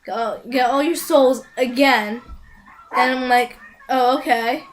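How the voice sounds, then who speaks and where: A woman's voice: high-pitched, unhurried, very noisy. A woman casually recapping an anime, rambling with many fillers and restarts and sounding incredulous. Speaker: vlogger reviewing an anime.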